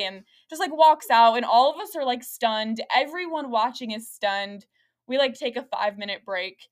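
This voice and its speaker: A young adult woman hosting a podcast, telling a story in a lively, rambling way with lots of fillers and frequent laughter. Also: a little high, moderate pace. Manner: laughs often while talking. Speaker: podcast host. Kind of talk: casual podcast chat.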